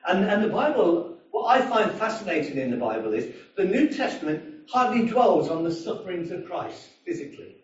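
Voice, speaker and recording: A high-voiced man preaches in a church at a moderate pace with few pauses, telling an animated story and acting out its characters, including a drunk's voice. The recording is distant and dull, in an echoey church hall.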